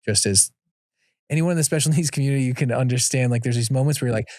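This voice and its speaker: A father of four appears as a podcast guest, offering earnest, casual advice and acting out the lines he says at home. He talks very fast in a medium-pitched, darkish voice, recorded in studio quality with no echo.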